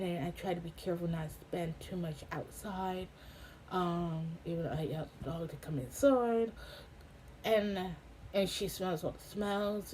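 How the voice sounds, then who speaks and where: A young woman giving a casual personal update, halting with many ums and getting emotional. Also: medium pitch, a little mellow, a little hiss or hum, rough recording. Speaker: vlogger. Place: home in a hot desert town.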